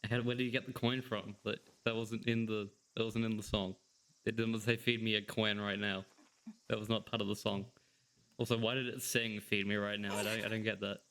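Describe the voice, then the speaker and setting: A man's voice: on the low side, level tone, brisk, a bit bright. A man giving casual let's-play commentary, joking and sarcastic and laughing often. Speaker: gameplay commentator.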